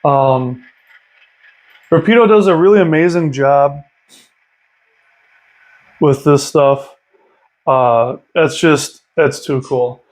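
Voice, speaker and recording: A man with a somewhat high voice walks through a hobby setup in a casual tutorial. He talks chattily and with real enthusiasm, thinking out loud as he goes. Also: takes it slowly, long pauses, low-quality recording. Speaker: model train hobbyist host.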